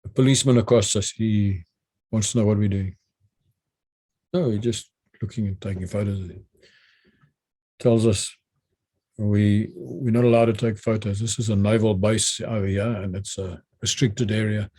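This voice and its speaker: An older South African man, a retired army general, tells an anecdote with animation, restarting often and repeating words. His voice sits lowish and slightly rough, moving at a moderate pace with frequent pauses.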